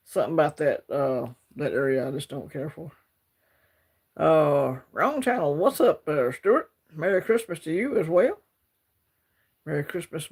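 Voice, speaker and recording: Southern alabama guy hosting a laid-back stream, gravelly voice, kinda high. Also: darkish tone. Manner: laid-back, rambling, greets chat by name. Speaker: livestream host. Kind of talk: casual livestream chat.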